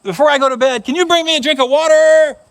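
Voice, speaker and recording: A man's voice: very high-pitched, fast talker, a bit bright, pitched above the performer's own voice. A man doing a pleading little boy. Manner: persistent, pleading, sing-song. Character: little boy begging for water at bedtime.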